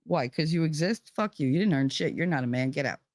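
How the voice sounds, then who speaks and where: Heated, foul-mouthed woman streamer, low voice. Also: expressive, fairly quick, darkish tone, no room sound, studio quality. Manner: heated, profane storytelling. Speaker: live streamer. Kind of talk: casual chat. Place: home.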